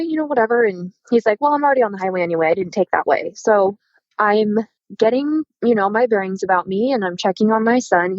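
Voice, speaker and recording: A woman's voice: medium pitch, dry recording, highs cut off. A woman in her thirties telling a dramatic personal story in casual conversation, acting out the voices of the people in it. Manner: animated, acts out quoted dialogue. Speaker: podcast guest.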